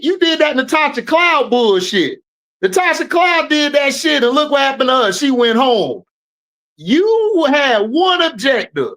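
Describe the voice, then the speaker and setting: A woman host riffing through a sports recap, mock-scolding and trash-talking. Her voice is high and leaps all over. She talks slowly, leaning into each jab. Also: fairly bright tone. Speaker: show host, sports commentator. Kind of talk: casual sports commentary.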